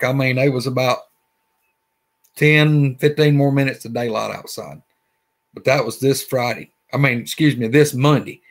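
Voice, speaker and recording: A man with a Southern Alabama accent, telling a story in a rambling, folksy way. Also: medium pitch. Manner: rambling, folksy, repeats himself. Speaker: guest. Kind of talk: casual storytelling.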